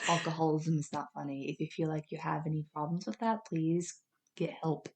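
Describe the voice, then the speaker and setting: Podcast co-host, woman, low voice, echoey room, casual movie recap that breaks into silly character voices. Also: animated, moderate pace, darkish tone. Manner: laughing, acts out characters in exaggerated voices. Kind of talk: casual movie review chat.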